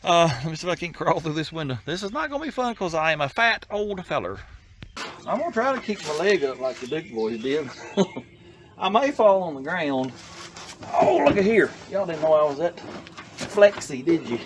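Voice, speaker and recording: A man's voice: on the high side, very animated, moderate pace, background noise. An older man with a drawl, chuckling and self-mocking, talking casually while working on an old truck, out of breath. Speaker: garage channel host. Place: outdoors by an old truck on a farm.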